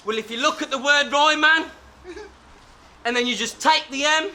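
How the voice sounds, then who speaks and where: A man spitting a verse in a live rap battle, shouting punchlines and laughing through his bars. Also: extremely high pitch, normal speed, slight background noise. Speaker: battle rapper. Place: battle venue before a live crowd.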